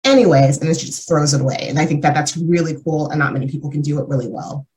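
Woman talking comedy on a podcast, deep-ish voice, rambly thoughtful chat. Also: fast talker, a little mellow, slight background noise, rough recording. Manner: thoughtful, lots of fillers. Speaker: podcast co-host. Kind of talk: casual discussion.

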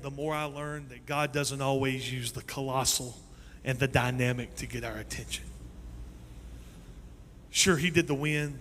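A male pastor preaching a sermon in a church sanctuary. His delivery is animated and swings between loud and soft. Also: medium pitch, slight background noise. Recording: long reverb in a large hall.

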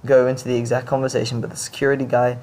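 A man's voice: medium pitch, flat delivery, very fast, darkish tone. A man hosting a show, reading confession stories aloud and reacting to them in blunt, casual talk with some swearing. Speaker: podcast host reading stories.

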